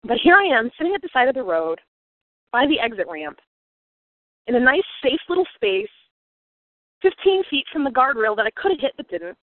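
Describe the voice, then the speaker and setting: Earnest woman speaker, reflective storyteller turned life coach, fairly high voice, tinny phone-line sound. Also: sing-song, moderate pace, long pauses, no echo. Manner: earnest, reflective, grows emotional. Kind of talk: personal story with motivational lesson.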